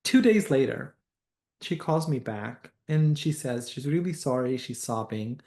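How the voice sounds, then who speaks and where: A man's voice: medium pitch, animated, measured pace, darkish tone. A man teaching tarot, telling a story from a reading in an online class, hesitant with many "uh"s and restarts, livelier when he quotes people.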